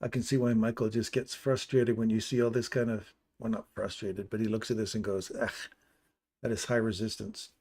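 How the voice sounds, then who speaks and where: Host voice, male, lowish pitch, casual chart-walkthrough delivery, explanatory and conversational. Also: little pitch movement, brisk, hardly any pauses, warm tone, husky. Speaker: trading stream host. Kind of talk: live trading chart walkthrough.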